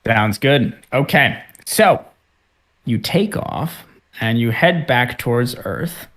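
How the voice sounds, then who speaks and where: A man's voice: medium pitch, expressive, takes it slowly, fairly bright tone. Rambling male game master. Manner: rambling, many fillers and restarts. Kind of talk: narrating a tabletop game over a call.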